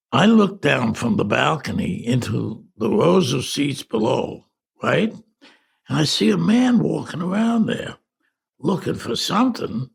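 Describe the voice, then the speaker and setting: An older New man reads his memoir aloud in a deeply gravelly, husky voice. He drifts back through memories with halting restarts and casual asides. His pitch rises and falls a lot. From New York. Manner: reflective, halting, with conversational asides. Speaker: memoir narrator. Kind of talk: audiobook memoir narration.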